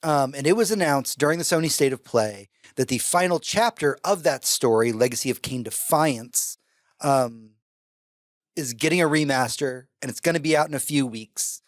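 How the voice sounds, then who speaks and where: A man co-hosting a podcast in casual chat, excitable and swearing, talking in bursts into a close mic. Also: mid-range voice, moderate pace, no room sound. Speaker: podcast co-host.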